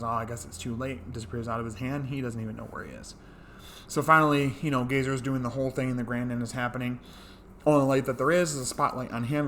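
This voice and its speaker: Guy rambling thru a show recap, mid-pitch voice, little hiss in the back. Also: sharp tone. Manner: rambling, many fillers and "blah, blah, blah". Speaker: reviewer. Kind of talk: casual recap commentary.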